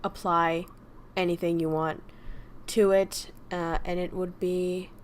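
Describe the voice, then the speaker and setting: A young woman talks slowly and loosely into a desk mic, teaching her language to a livestream chat. She drops casual swears and teases her viewers as she goes. A faint hum sits behind her voice. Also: on the low side, little pitch movement. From Vietnam.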